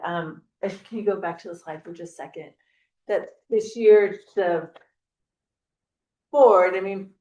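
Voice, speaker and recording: A woman's voice: fairly low pitch, darkish tone. A woman on a school board, adding announcements in an informal, on-the-fly way at a public meeting. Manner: informal, adds points on the fly. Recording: echoey meeting room.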